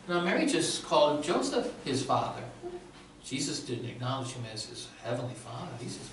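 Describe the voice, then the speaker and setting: A man's voice: mid-range voice, huge pitch swings, normal speed, fairly bright tone, a little hiss or hum. A male pastor preaching a sermon in a conversational way with a sore throat, often checking in with the congregation. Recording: very echoey room, distant mic.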